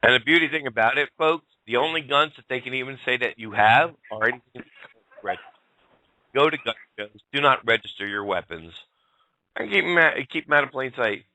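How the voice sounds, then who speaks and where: A man's voice: medium pitch, expressive, brisk, sharp tone, no echo. A man hosting a talk radio show, ranting bluntly and addressing his listeners as folks. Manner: blunt, fired-up, swears and addresses folks directly. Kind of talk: casual talk radio rant.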